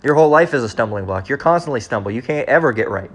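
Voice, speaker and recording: Plain-voiced guy preaching hard, keeps going "all right?", mid-pitch. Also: animated. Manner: blunt, repetitive, keeps asking "all right?"; reads verses slowly and deliberately. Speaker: street preacher. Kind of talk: confrontational scripture teaching.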